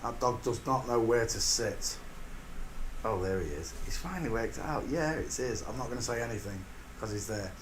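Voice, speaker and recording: A man's voice: animated, moderate pace. An older man hosting a casual livestream, greeting viewers by name and sending blessings, with jokey asides. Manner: jokey, drops into sudden high silly voices. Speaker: livestream host. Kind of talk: casual live-stream chat. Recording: echoey room with faint hiss.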